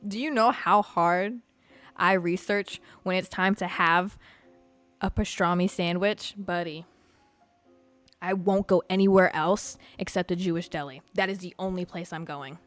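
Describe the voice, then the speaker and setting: Loud lady podcaster, swears a lot, dry close sound, faint music behind. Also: fairly low pitch, unhurried, no room sound. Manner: brash, excitable, swears freely. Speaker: podcast host. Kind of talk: casual chat with live chat.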